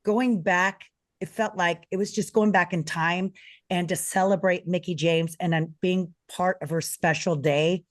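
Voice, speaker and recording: Middle-aged woman co-host, effusive and emotional, halting restarts, dry close sound. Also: on the low side, fairly even intonation, no room sound. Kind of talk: casual podcast chat.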